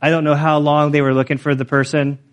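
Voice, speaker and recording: A pastor with a somewhat high voice delivers a sermon in a loose, conversational way. He tells stories with animated energy and leans on lots of filler words. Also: fast. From United States. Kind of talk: sermon with storytelling.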